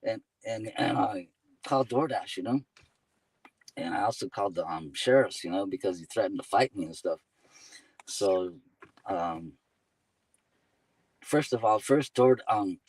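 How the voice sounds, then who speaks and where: A man's voice: low voice, a little mellow, breathy edge, dry recording, far from the mic, rough recording. A man chatting as a guest, telling casual stories and laughing often, with "you know" and "man" between his phrases. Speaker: guest, delivery driver. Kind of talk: casual storytelling.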